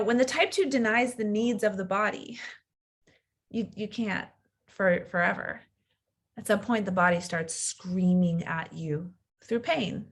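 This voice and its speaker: A woman in her thirties, a coach giving an earnest, reflective teaching talk and sometimes acting out the inner voice of fear. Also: fairly high pitch.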